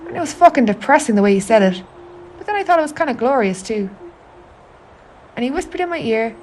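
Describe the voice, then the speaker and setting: A woman's voice: on the high side, expressive, fast, pauses often, darkish tone, a little hiss or hum. A woman with an Irish accent narrating a confiding spoken-word monologue, intimate, wry and sweary. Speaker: narrator of an autofictional audio artwork.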